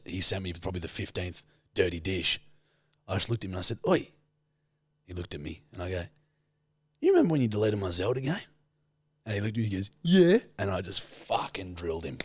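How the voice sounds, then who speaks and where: A man in his thirties with an Australian accent, co-hosting a podcast and telling stories in a loose, animated way with plenty of swearing. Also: on the low side, breathy edge, dry recording. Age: 30s. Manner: swears freely, animated storyteller. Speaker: podcast co-host. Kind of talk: casual storytelling chat.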